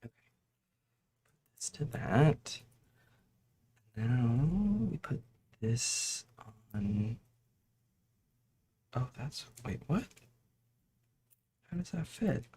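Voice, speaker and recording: Gravelly, husky man chatting slowly. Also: medium pitch, animated. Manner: soft-spoken, mutters to himself, giggly. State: chewing gum. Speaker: host. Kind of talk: casual livestream chat while building a toy kit.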